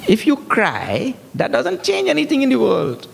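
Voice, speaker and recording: Animated man chanting and teaching, echoey hall. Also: very high voice, moderate pace, vocal fry, breathy edge. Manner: animated, humorous, chants verses. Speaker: spiritual teacher. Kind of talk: scripture discourse. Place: large hall.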